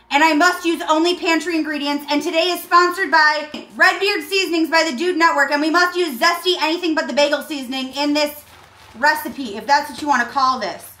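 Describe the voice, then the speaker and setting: A cooking show host, a woman, runs a comedic tutorial from her home kitchen while wearing a costume she finds uncomfortable. She complains aggressively and deadpan in a high voice, and the sound is roomy.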